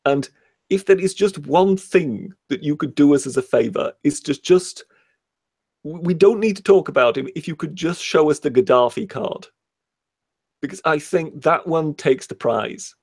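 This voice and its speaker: Hesitant British male co-host, somewhat high voice, dry mic. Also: expressive, darkish tone, dry recording. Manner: hesitant, many ums, slows to read quotes aloud. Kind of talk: casual livestream chat.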